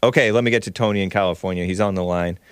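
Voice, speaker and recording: A man's voice: sits low, very fast, smooth, no room sound, studio quality. A man hosting a call-in talk show, joking and laughing often as he chats. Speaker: radio show host.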